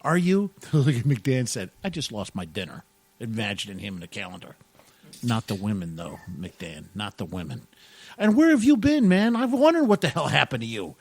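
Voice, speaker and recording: A man co-hosting a casual radio talk show, excitable and jokey, laughing often and peppering his talk with "dude" and "man". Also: medium pitch, moderate pace, slightly rough, dry recording. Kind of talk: casual podcast banter.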